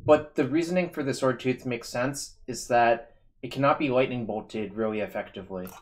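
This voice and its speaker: A man hosts a live card-game stream and talks through his choices as he makes them. He sounds casual and analytical, with a voice of ordinary middle pitch. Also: moderate pace. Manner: analytical, thinking aloud. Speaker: streamer host. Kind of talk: casual gaming commentary.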